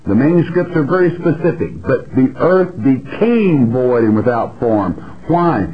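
Man, Bible teacher on air, folksy and blunt, emphatic, mid-pitched voice, dull lo-fi broadcast sound. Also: big pitch swings, measured pace.

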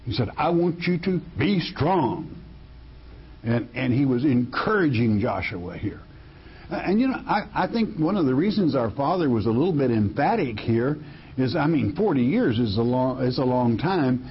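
A man's voice: medium pitch, very animated, moderate pace, breathy edge, dull audio. A man preaching a sermon in a folksy, emphatic way, often repeating words as he restarts a thought.

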